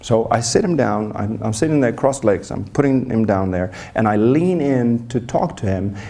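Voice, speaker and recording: Man telling a lively story on stage. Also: fairly low pitch, normal speed, vocal fry. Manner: animated storyteller, acts out scenes, frequent restarts; self-deprecating humor. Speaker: performance coach. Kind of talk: storytelling conference talk. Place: conference stage.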